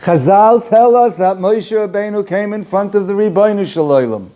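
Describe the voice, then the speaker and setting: A man teaching a Torah class as a rabbi, animated and rhetorical, asking questions and repeating phrases for emphasis. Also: sits high, moderate pace. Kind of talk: Torah lecture to students.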